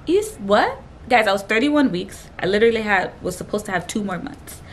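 A young woman vlogger chatting casually through a personal story, rambling with filler sounds and acting out other people's lines in a higher voice. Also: quick pace, a little hiss or hum. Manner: chatty and rambling, fills gaps with "da, da, da" and "blah, blah"; emotional retelling. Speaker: vlogger telling her own story.

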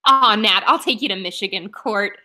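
A woman's voice: mid-range voice, moderate pace, bright, forceful tone. A woman from Oklahoma co-hosting a book club live stream, chatting casually and reacting to viewer comments.

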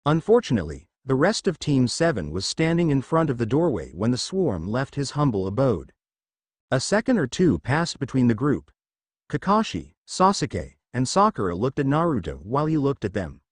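Guy reading fan fiction out loud, lively voice, dry mic. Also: medium pitch, normal speed, slightly rough, dry recording. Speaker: narrator.

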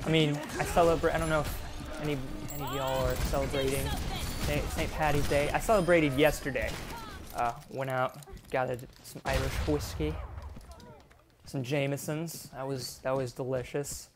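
A man giving casual, excitable gameplay commentary, laughing and easily distracted as he plays. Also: mid-range voice, moderate pace. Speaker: gaming YouTuber.

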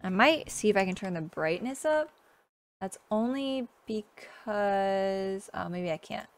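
A woman with a mid-range voice speaks a little slowly as she livestreams her own game from a sunny room. Chatty and self-mocking, she talks casually and addresses things on screen.

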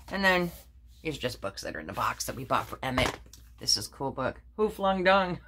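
Low-voiced rambling crafter, lively pitch. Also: female voice, noisy background. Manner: rambling, with many fillers and self-corrections. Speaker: crafting vlogger. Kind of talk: casual show-and-tell chat.

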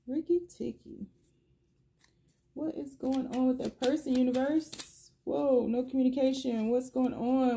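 A woman's voice: sits high, slow, warm tone. A middle-aged woman giving a collective tarot reading, musing aloud and asking the universe the same questions again and again as she pulls cards. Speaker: tarot reader.

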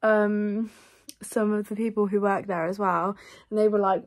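A woman's voice: mid-range voice, fairly even intonation, unhurried. A young woman, chatting casually to camera in a rambling vlog with frequent laughs. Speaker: vlogger.

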